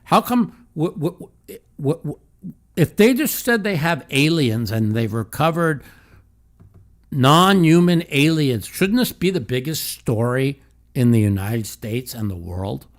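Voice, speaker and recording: A man's voice: medium pitch, very animated, measured pace. A man hosting a casual call-in show, blunt and profane, often breaking into laughter.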